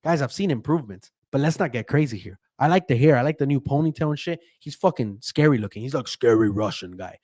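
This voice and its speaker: A man's voice: a little high, expressive, fast, hardly any pauses, a little mellow, no room sound, studio quality. Blunt, swearing man breaking down fights. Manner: blunt and profane, keeps asking "right?". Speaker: MMA betting handicapper. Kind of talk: casual fight breakdown and betting picks.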